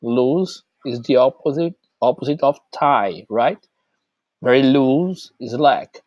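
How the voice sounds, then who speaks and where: A man giving an English vocabulary lesson, speaking slowly and listing words one at a time with pauses. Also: medium pitch, animated, no echo, highs cut off. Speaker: English teacher. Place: outdoors, rain starting.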